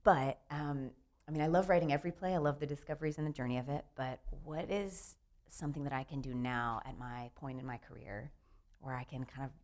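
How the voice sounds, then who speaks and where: A woman's voice: a bass voice, fairly even intonation, fairly quick, darkish tone. A woman, a playwright, chatting animatedly in an interview, laughing and restarting her sentences. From Southern United States. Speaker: playwright guest. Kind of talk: casual interview chat.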